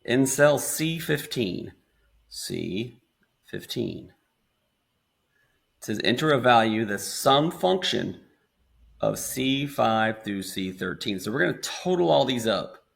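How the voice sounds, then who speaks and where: A man with an American accent casually talking students through a screen-recorded software tutorial step by step. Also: medium pitch, very animated, slow pace, vocal fry, long pauses. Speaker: instructor.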